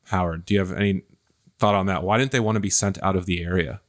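A male pastor hosts a casual scripture discussion. His voice sits on the low side, and he muses through his points with frequent pauses and restarts. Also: fairly even intonation. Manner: thoughtful, hesitant, many fillers and restarts. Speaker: pastor hosting a Bible study podcast.

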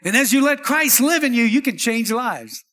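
A man's voice: extremely high pitch, animated, normal speed, a bit bright. A male pastor preaching a sermon, calling out "amen" and "come on" to the congregation. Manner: preaching with call-and-response, repeated "amen" and "come on". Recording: long hall reverb.

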